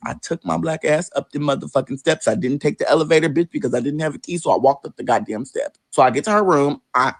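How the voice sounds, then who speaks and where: A man spins a personal story with lots of swearing and sudden leaps into high, mocking voices for the people he quotes. His everyday voice sits a bit high for a man. The sound is dry and close, with no room echo. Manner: animated, profane, acts out quoted voices with big pitch jumps. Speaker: vlogger telling a personal story. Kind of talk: casual storytelling monologue.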